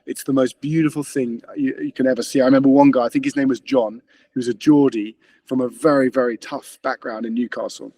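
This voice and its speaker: Fast-talking husky man, earnest guest. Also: mid-range voice, fairly even intonation, mellow, no room sound. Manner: earnest, rapid, frequent restarts. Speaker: interview guest, author. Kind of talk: conversational interview.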